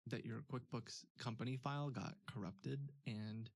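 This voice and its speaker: A man's voice: medium pitch, unhurried, no room sound. A man hosting a stream, chatting casually, laughing often, with many fillers. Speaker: streamer host. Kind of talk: casual chat.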